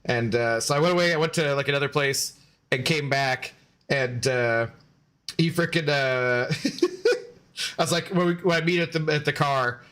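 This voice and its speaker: A man's voice: a little high, lively intonation, unhurried, a bit bright. Chatty, laughing man streamer. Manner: loose, chatty, laughs often, swears casually. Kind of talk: casual live-stream chat with viewers.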